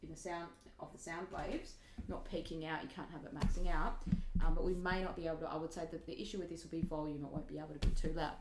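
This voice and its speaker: A woman's voice: low voice, steady tone, quick pace, hardly any pauses. Chatty woman in an echoey room. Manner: chatty, self-deprecating, rambling with restarts. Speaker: singer reviewing microphones. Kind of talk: casual demo talk. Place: home recording setup. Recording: echoey room, faint noise.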